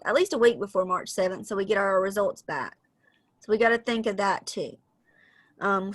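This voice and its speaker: A woman's voice: mid-range voice, pushed and bright, poor audio. A woman on a video call, explaining a project schedule step by step to her group, with frequent ums. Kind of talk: casual planning call.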